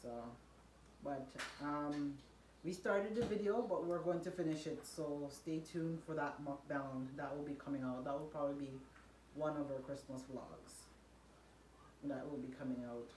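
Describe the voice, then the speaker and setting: A Jamaican woman chatting casually and rambling a little while she cooks in her kitchen for her vlog, laughing softly now and then. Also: deep voice, normal speed. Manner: relaxed, rambling talk with soft laughs. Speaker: vlogger and mother. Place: home kitchen, indoors. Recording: echoey room with background noise.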